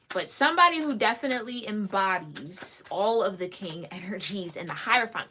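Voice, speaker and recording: Chatty giggling woman tarot reader. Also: medium pitch. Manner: chatty, giggly, lively asides. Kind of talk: casual tarot reading to camera.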